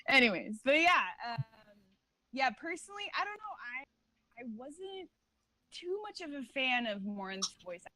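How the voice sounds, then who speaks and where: A woman's voice: high voice, very animated, measured pace, sharp tone, dry recording, low-quality recording. Woman, guest, casual chat, rambling, lots of fillers, dry dead-sounding audio. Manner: rambling, heavy use of filler words; laughs often while talking.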